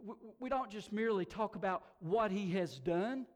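A man preaching a sermon to a congregation, telling the story dramatically, dropping to hushed whispers and rising to shouts, often repeating words as he restarts. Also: high-pitched, moderate pace. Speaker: pastor. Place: church hall, also broadcast on air.

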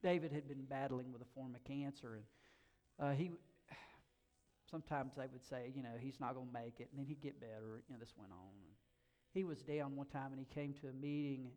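A man's voice: mid-range voice, moderate pace, warm tone. A middle-aged man preaching a sermon as a pastor, conversational and emphatic, often repeating words as he goes.

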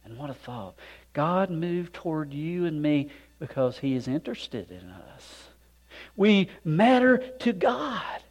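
A man preaching a sermon with folksy conversational asides, swinging from loud emphatic points to hushed, near-whispered moments. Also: a little high, sing-song, takes it slowly. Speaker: pastor.

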